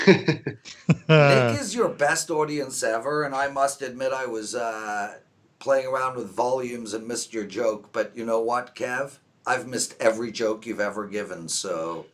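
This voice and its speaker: A man hosting a casual sports betting show over a video call, loud and teasing with his co-hosts. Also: mid-range voice, measured pace. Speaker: host.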